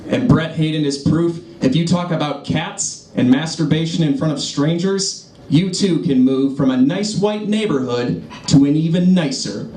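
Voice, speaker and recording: A man's voice: on the high side, moderate pace, warm tone, far from the mic. A man in his twenties doing a stand-up set with dry one-liner delivery on a hotel lounge stage. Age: 20s. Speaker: stand-up comedian. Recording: echoey lounge, noisy live audience.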